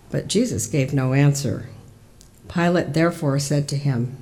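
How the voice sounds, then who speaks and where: A lector giving a liturgical Scripture reading in an even, unhurried narration. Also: mid-range voice.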